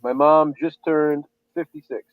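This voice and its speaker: A man's voice: fairly high pitch, steady tone, measured pace, no echo, narrow, tinny audio. A man in his thirties chatting casually, telling rambling stories and crude jokes. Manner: crude joking, rambling storyteller. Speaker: podcast co-host. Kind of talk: casual chat.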